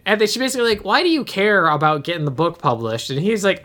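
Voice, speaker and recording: A man's voice: high voice, expressive, fast talker, pushed and bright. Man, podcast co-host, casual movie recap, rambling, lots of filler. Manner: rambling, many filler "like"s and restarts.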